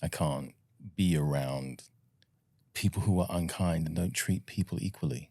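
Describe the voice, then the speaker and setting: Deep gravelly British man, soft and reflective. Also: no room sound, studio quality. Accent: British received pronunciation. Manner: soft-spoken and reflective, pauses with ums and uhs. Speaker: actor, guest. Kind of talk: relaxed conversational interview.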